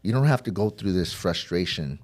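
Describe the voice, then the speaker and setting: A man with a fairly low voice recounts his own story on a podcast. He is candid and rambling, full of fillers and restarts, and he acts out the dialogue as he goes. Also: expressive, moderate pace. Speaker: podcast guest sharing his recovery story. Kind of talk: heartfelt personal storytelling.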